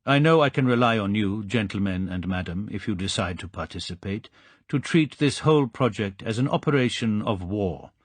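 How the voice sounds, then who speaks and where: A calculating villain, read by a man in an audiobook who speaks low and slow with quiet menace. The voice is husky and deep, and it sits close and dry. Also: expressive, dry recording. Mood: cold. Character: cold, calculating villainous tycoon, male.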